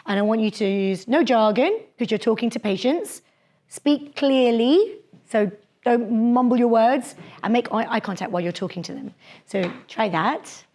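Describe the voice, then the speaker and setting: Chatty woman leading a workshop. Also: fairly high pitch. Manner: lively, chatty, laughs often, acts out quotes. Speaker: dentist leading a public speaking workshop. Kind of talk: live workshop lecture. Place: lecture room with an audience.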